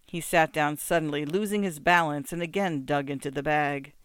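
Guy reading a classic story aloud, kinda high voice, clear, no room echo. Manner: expressive, measured storytelling. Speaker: narrator. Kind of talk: audiobook narration of a classic story.

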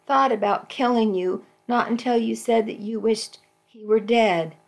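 A woman's voice: a little high, a little slow, vocal fry. A woman reading the part of a cold, scheming woman who speaks sharply and with contempt, in a story read aloud. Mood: spiteful.

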